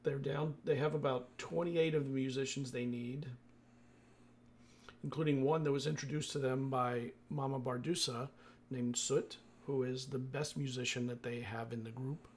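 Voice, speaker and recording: Gravelly, husky man running a tabletop game. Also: medium pitch, fairly even intonation, normal speed. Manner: loose, chatty storytelling with self-corrections. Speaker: game master. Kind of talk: recapping a tabletop game session.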